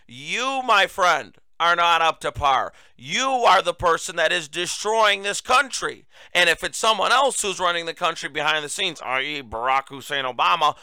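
Indignant male host, tense crisp voice. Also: sits high, pushed and bright, no echo. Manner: indignant and sarcastic. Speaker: talk show host. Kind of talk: political commentary.

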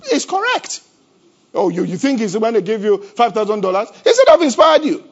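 A man preaching a sermon as pastor. He keeps asking the congregation rhetorical questions and swings between loud emphasis and a low, conversational tone. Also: lively intonation, fast talker. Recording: dull lo-fi church recording.

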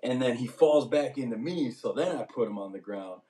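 A man's voice: medium pitch, expressive, normal speed, warm tone, roomy sound. A young man telling a rowdy story with profanity and sound effects as a podcast co-host. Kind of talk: casual storytelling chat.

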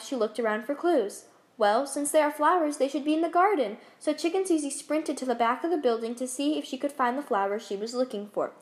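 A woman reading her own children's story aloud, gently and expressively. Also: high-pitched.

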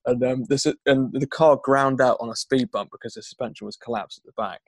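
Guy on a podcast spinning a long story, acts out both sides, mid pitch, dead dry close mic. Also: steady tone, fairly quick, no room sound. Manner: rambling, laughs through the story, acts out dialogue. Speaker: podcast co-host. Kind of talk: casual anecdote telling.

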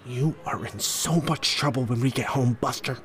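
A man's voice: mid-range voice, normal speed, slight background noise, lightly acted. A man voicing a frantic, grateful young mother, talking in a breathless, pleading way. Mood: stern.

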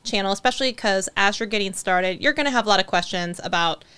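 A woman hosts a live stream in easy, chatty talk with a smooth, clear voice. She is playful and teasing, quick with a joke at a friend's expense. Her pitch sits in the middle range. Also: bright, forceful tone. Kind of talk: casual live stream chat.

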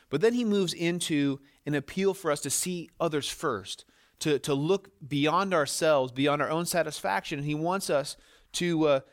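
Emphatic male pastor preaching. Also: medium pitch. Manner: emphatic, repeats words when stressing a point; frequent small restarts while explaining. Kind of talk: sermon.

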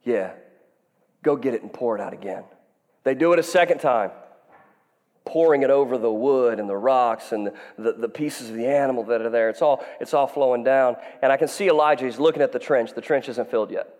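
A male pastor preaching an animated, joking sermon, acting out the voices in a story. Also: medium pitch, a little fast, big-room sound. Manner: animated, acts out dialogue, jokes with congregation.

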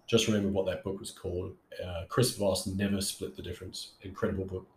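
A man gives sales tips in a lowish voice, talking loosely with plenty of fillers and restarts. The room around him carries a noticeable echo. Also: little pitch movement, brisk, a little hiss or hum. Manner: conversational, with many fillers and restarts. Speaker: sales coach. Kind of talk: casual coaching monologue.

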